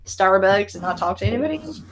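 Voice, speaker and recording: A woman hosting a casual live stream chat over a video call, excitable and profane, with loud bursts. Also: medium pitch, quick pace, a little hiss or hum.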